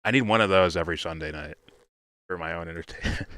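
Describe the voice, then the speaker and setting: A man's voice: low voice, quick pace, a bit bright, no echo, clean studio sound. A man hosting a live reaction stream in loose, casual talk, swearing freely and laughing often.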